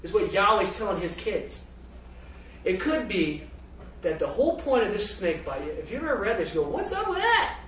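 A high-pitched man delivers a lively sermon, laughing and challenging his congregation with questions. His voice rings through a very echoey church hall, caught from a distance on a dull mic with faint background noise. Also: normal speed. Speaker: preacher.

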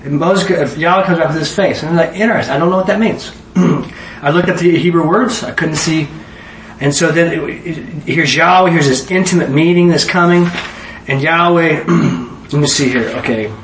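A man's voice: a little high, normal speed, a bit bright, roomy sound. Male preacher, conversational teaching style, quizzes the room; distant mic, faint noise. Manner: conversational, asks the audience questions. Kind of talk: Bible study sermon.

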